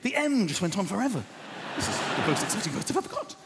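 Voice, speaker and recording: A man in his thirties doing a stand-up comedy routine, acting out voices with big shouts and gasps. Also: high-pitched, wildly swooping pitch, fast talker. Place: large theatre stage before a live audience. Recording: echoey theatre with long reverb and crowd noise.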